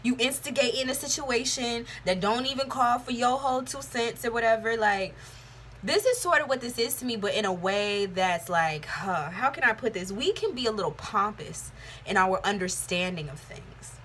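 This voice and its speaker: Bright-voiced young woman giving a candid tarot reading. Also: a little high, expressive, moderate pace, slight background noise. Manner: candid, profane, rambling. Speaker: tarot reader. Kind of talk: casual tarot reading vlog.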